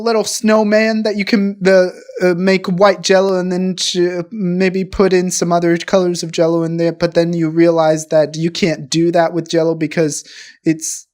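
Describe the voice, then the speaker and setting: A man co-hosting a comedy podcast, rambling and halting through improvised bits with profanity and constant restarts. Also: high voice. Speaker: podcast co-host.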